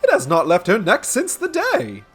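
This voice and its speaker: A man voicing a gruff, folksy older male retainer with rustic speech. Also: very high voice, wildly swooping pitch, moderate pace, fairly bright tone, faint music behind, pitched above the performer's own voice, full character voice. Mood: hearty.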